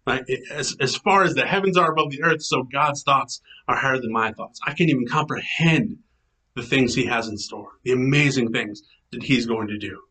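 An enthusiastic man talks through scripture like a casual chat with friends, his voice bright and forward in a middle register. He acts out quotes with lively shifts in delivery, as a pastor who calls himself a nerd. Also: mid-range voice, moderate pace, low-quality recording. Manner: chatty, enthusiastic, self-described nerd; animated quoting in character voices. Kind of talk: casual devotional talk.

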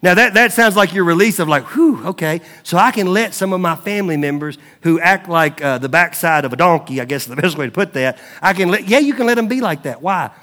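Animated middle-aged man preaching, higher voice. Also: fast talker, few pauses. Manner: animated, conversational preaching with storytelling asides. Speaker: pastor. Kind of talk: sermon.

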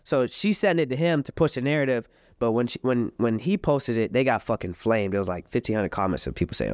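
A young man in his twenties, telling a story in casual chat with a lot of street slang and fillers, and acting out the other people's lines in a higher voice. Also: a little fast, no room sound, clean studio sound. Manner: animated, acts out the other side's lines in a high voice. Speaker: boxer and podcast guest.

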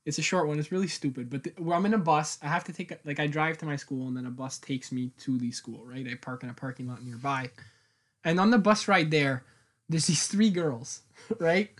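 A man's voice: a little high, brisk. A young man in casual chat, telling stories with lots of laughter and acted-out quotes. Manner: laughing storyteller, acts out quotes.

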